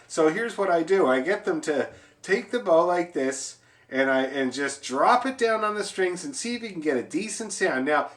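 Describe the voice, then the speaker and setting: A man's voice: high-pitched, fairly bright tone. A man teaching an online fiddle lesson over a video call, encouraging and chatty, explaining and demonstrating as he talks.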